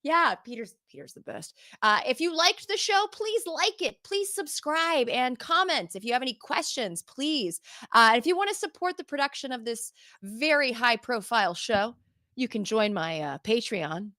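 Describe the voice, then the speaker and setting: A woman's voice: on the high side, lively intonation, normal speed, bright, forceful tone, no room sound, studio quality. A woman podcast host wrapping up a casual interview, effusive and chatty with rambling asides.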